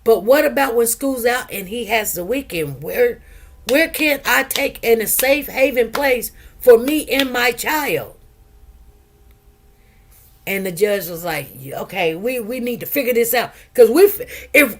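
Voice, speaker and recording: A woman, hosting casual commentary and telling stories with animated, acted-out quotes. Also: a little high, a little slow. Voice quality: lively, animated storytelling, acts out quotes. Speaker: commentary host.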